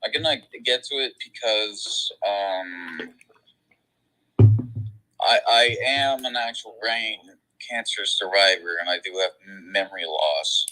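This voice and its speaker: A man's voice: fairly low pitch, slow, sharp tone, faint music behind, rough recording. A man calling in to ask a host a question, hesitant and stammering with many fillers. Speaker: caller.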